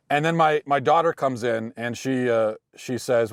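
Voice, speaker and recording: American guy in his 30s doing a deadpan bit, dry close-mic sound, mid pitch. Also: normal speed, few pauses, no room sound. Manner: wry, deadpan humor with frequent restarts. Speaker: podcast host. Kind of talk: casual monologue.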